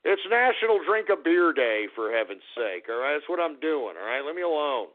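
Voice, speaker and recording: A man hosting a radio show, ranting loudly and swearing in a strained, hoarse voice. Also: a little high, very animated, brisk. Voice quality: strained, fading voice. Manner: loud, profane and exasperated. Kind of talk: ranting call-in radio talk. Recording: phone-like lo-fi radio audio.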